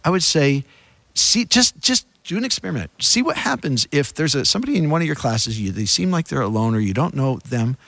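Male co-host, mid-pitched, animated delivery, dry close mic. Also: fairly quick, vocal fry, dry recording. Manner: animated, acts out quoted lines, many restarts. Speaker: podcast co-host. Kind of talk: casual faith discussion.

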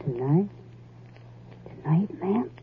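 An actress playing a bold, greedy young wife in a 1940s radio drama, with a drawling, taunting rural way of talking, on a tinny old radio broadcast. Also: female voice, lowish voice, animated, slow pace, background noise. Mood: scheming.

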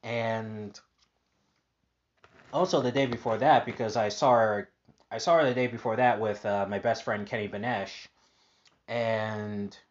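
Upbeat rambling man, low dull sound. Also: steady tone, moderate pace. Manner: rambling, many fillers and restarts; upbeat, positive. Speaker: podcast host. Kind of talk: casual personal monologue.

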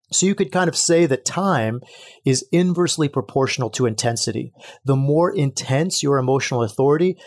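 Male podcast host, earnest teaching tone, lightly sermon-like. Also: medium pitch. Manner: earnest, preachy, addresses listeners as brothers. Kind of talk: solo podcast teaching talk.

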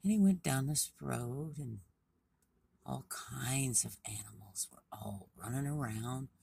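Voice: mid-range voice, slow pace, creaky, darkish tone, slightly rough, dry recording, distant mic. A storyteller telling a children's animal tale in a homespun, casual way, with many dialogue tags.

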